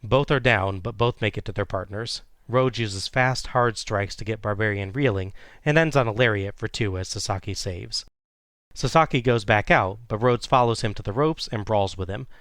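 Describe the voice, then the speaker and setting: A man co-hosting a podcast, retelling a wrestling match play by play in a steady, casual way. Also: on the low side, moderate pace, dry recording, clean studio sound. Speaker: podcast co-host recapping wrestling. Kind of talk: casual recap narration.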